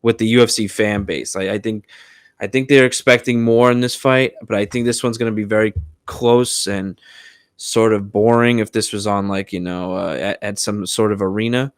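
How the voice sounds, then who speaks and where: A young American man co-hosting a casual sports podcast, talking in a relaxed way with frequent restarts. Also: on the low side, normal speed, clean tone, dry recording, clean studio sound. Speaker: podcast co-host.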